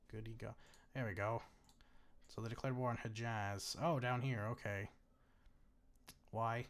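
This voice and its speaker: A man casually commentating a strategy game he is watching, chatty and bemused, swearing freely and laughing often. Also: mid-range voice. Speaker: gaming YouTuber. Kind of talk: casual let's-play commentary.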